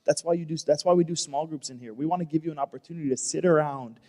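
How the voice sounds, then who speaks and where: A man's voice: on the high side, fast, mellow, big-room sound. A man on a church staff talking earnestly in a panel discussion, often repeating himself and restarting phrases. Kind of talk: heartfelt panel talk.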